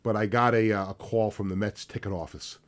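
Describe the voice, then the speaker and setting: A man's voice: fairly low pitch, steady tone, a little fast. Middle-aged guy rambling on sports radio from the studio, lots of ums, chuckles. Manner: rambling storyteller with fillers and laughs. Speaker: sports talk radio host. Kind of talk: casual radio talk.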